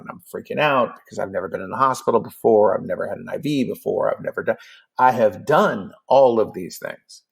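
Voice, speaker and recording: A man's voice: lowish voice, fairly quick, gravelly, slightly rough. A man in his fifties telling a personal story in casual talk, acting out the dialogue with lots of fillers. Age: 50s. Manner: animated, acts out dialogue with many fillers. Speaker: podcast guest.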